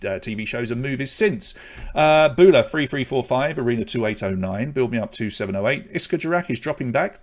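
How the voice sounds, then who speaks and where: A man with a British accent hosting an online quiz, reading questions twice and calling out scores in a chatty way. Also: mid-range voice. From Britain. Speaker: quiz host.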